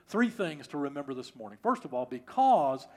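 Male pastor, middle-aged, sermon delivery; emphatic, repetitive, pitch a touch high. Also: sing-song, moderate pace, dark tone. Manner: emphatic, repeats phrases for stress.

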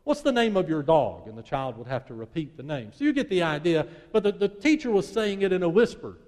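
A man's voice: on the high side, very animated, fast. Man preaching in a reverberant hall. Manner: storytelling, dropping to hushed tones and then swelling. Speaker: pastor. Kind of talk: sermon.

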